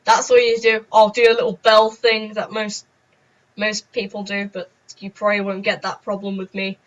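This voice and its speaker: A woman's voice: mid-range voice, level tone, normal speed. Giggly woman rambling on a vlog. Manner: rambling, giggly, self-mocking. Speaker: vlogger. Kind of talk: casual story-time vlog. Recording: dull lo-fi recording.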